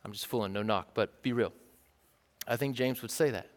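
A man's voice: mid-range voice, moderate pace, long pauses. A man from East Tennessee, preaching a sermon in a loose, joking, conversational way and often repeating himself. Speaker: pastor. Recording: church hall with long reverb.

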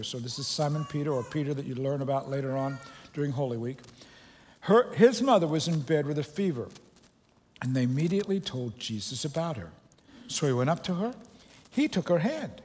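A man with a fairly high, darkish voice gives a relaxed, joking sermon to a church congregation in the sanctuary. There's a long reverb tail, slight background noise, and he restarts loosely as he talks.

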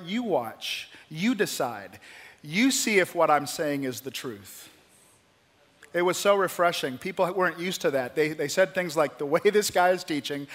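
A male pastor preaching a sermon, telling the story with lively, acted-out quotes. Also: high voice. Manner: animated storytelling, acting out voices in quotes.

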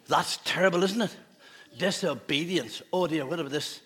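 A man's voice: fairly high pitch, moderate pace, fairly bright tone, slightly rough. A man, a pastor giving a playful children's talk in a church service, asking the children questions. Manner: playful, asks children questions, laughs often.

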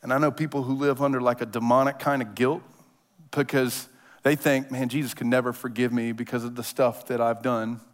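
A man preaching a sermon in a casual, animated storytelling manner, acting out voices as he tells the story. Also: medium pitch, fairly quick. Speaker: pastor. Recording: long hall reverb.

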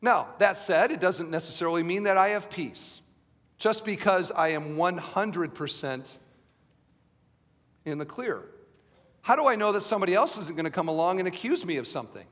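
Male pastor, high voice, middle-aged, emphatic sermon, rhetorical questions, long hall reverb. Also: expressive, moderate pace, fairly bright tone.

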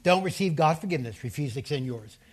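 A male preacher and seminary teacher giving a sermon, stressing points by repeating them and asking the audience to say verses out loud. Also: fairly high pitch, lively intonation, quick pace. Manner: emphatic, repeats key phrases, has the audience say verses aloud.

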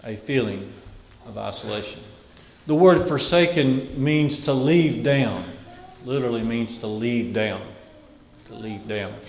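A man preaching a sermon who repeats key phrases and lets them fall to a hush. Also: mid-range voice, a little slow, reverberant, long reverb tail, a little hiss or hum, low-quality recording.

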